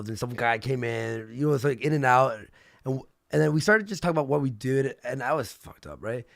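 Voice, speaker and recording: A man hosting a casual livestream, telling stories in an animated way, swearing and acting out the people he quotes. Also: mid-range voice, creaky, no echo, studio quality. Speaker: stream host.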